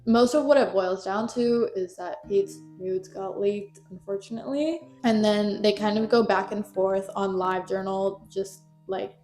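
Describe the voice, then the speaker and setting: A woman's voice: medium pitch, measured pace, few pauses. A young woman telling a fan-history story in a casual, gossipy way, full of "like"s. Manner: gossipy, animated, many "like"s. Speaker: YouTuber. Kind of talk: casual commentary video. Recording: echoey room, faint music.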